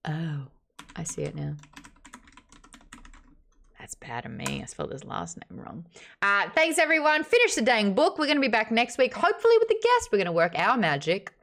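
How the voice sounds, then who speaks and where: A woman in her thirties hosting a casual book club livestream, chatty and quick to laugh, swearing now and then. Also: medium pitch, wildly swooping pitch, vocal fry, a bit bright.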